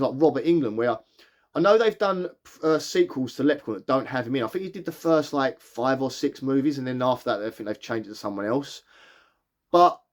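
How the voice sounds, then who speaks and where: Fast-talking man reviewing a film. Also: on the high side. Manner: rambling, enthusiastic, many fillers. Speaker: movie reviewer. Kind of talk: casual film review vlog.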